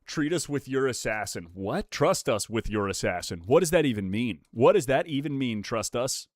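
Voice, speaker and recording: This is a young man in his twenties, casually chatting on a stream as he rips open trading card packs. His mid-range voice moves at a normal speed, jumping from muttered remarks to loud, excited shouts. It's a dry, studio-quality recording.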